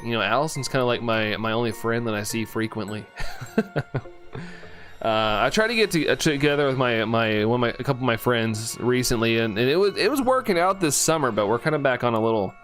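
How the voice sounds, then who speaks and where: A man's voice: medium pitch, brisk, a bit bright, soft background music. Chatty, joking man streaming a game. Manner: chatty and rambling, playful jokes and laughter. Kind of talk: casual live-stream chat with chat readers.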